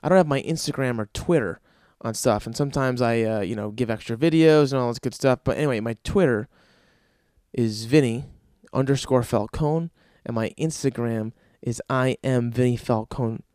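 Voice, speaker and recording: A young man hosts a crude comedic storytelling podcast, ranting and telling stories full of profanity. His voice is medium-pitched and slightly mellow at a normal speed, recorded dry with clean studio sound.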